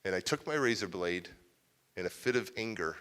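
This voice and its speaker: A man's voice: low-pitched, expressive, a little fast, fairly bright tone. A man, a motivational speaker, telling a confessional personal story to a live audience at a civic center and acting out the voices he quotes. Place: civic center event hall.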